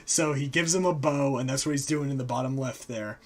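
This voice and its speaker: A man hosting a live stream, casually retelling myths and slipping into quick character voices. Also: medium pitch. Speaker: host. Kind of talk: casual storytelling.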